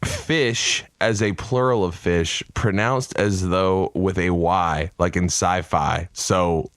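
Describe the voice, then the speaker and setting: A young man co-hosting a casual podcast, rambling through jokes and laughing loudly. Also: sits low, slow, no echo, clean studio sound. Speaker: podcast co-host.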